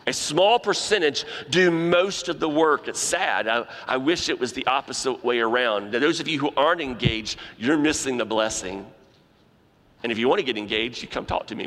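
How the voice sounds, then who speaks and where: A pastor delivering an animated sermon in a church, acting out the voices he quotes. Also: mid-range voice. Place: church sanctuary. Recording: long reverb of a large hall.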